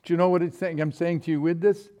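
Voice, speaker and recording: A man preaching a sermon, telling personal stories in an animated way and acting out quotes with sudden jumps in his voice. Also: on the high side, fast talker.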